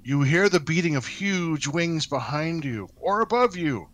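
A man runs a casual podcast quiz with his co-hosts. He jokes freely and slows into a theatrical read for the questions. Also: a little high, lively intonation, a bit bright. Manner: playful, reads questions dramatically. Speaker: quiz host.

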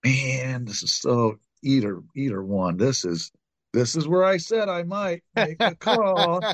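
A man's voice: mid-range voice, animated, a little slow, no echo. A man co-hosting a casual movie podcast, talking with enthusiasm and laughing often. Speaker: podcast co-host. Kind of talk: casual chat.

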